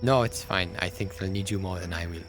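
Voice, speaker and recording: A man's voice: low-pitched, brisk, over music, close to an everyday voice. A man voicing a formal, hesitant young German intellectual in his late twenties, with a put-on German accent. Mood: reserved.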